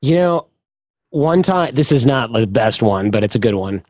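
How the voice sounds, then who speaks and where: A podcast guest chats candidly in a casual interview, sharing personal stories and often acting out the voices of the people in them. His mid-range voice is animated and a little mellow, at normal speed, with no room sound.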